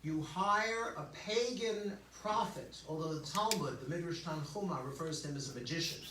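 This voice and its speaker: Brief: older male rabbi, casual joking sermon, bright slightly high voice, distant mic in an echoey sanctuary. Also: moderate pace. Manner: joking, conversational, lots of okays and asides. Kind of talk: informal sermon. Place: synagogue sanctuary. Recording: echoey hall, distant mic, faint hum.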